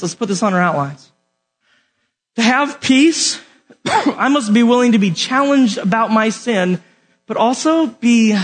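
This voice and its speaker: A man's voice: high-pitched, very animated, a little slow. A man preaching a sermon in a casual, joking way, talking straight to his listeners.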